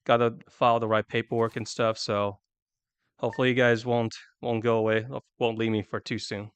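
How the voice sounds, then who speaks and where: During a video game stream, a man talks to his viewers through a desk microphone, rambling and chatty with a self-deprecating streak. His medium-pitched voice is smooth and level and a little fast. There's no room sound.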